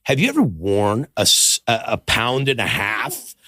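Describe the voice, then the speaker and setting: A man's voice: lowish voice, a little slow, no echo, clean studio sound. A middle-aged man, a podcast guest, telling stories in casual chat and acting out the people he quotes. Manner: animated storyteller who acts out quoted voices. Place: podcast studio.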